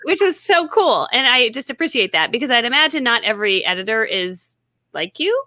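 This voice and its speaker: A woman's voice: on the high side, very animated, brisk, sharp tone, no echo, studio quality. A woman hosting a casual live chat, talking enthusiastically about writing her book and laughing often. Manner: enthusiastic, giggly. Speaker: host.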